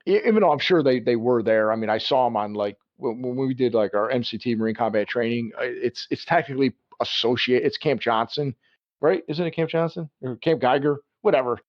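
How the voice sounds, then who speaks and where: A man's voice: mid-range voice, fairly quick, dry recording. Chatty man, dry lo-fi audio. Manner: chatty, laughs often, rambling. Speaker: podcast host, Marine veteran. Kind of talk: casual podcast chat.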